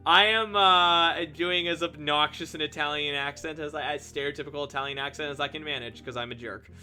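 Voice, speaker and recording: A man's voice: on the high side, fairly even intonation, fairly quick, bright, forceful tone. A man streaming live while drawing, chatting casually and answering his chat with jokes and asides.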